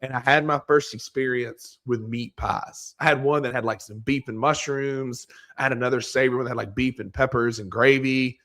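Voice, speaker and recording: Hoarse American man hosting a podcast. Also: medium pitch, fairly even intonation, normal speed, few pauses, fairly bright tone. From United States. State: hoarse, losing his voice. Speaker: sports podcast host. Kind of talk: casual sports podcast chat.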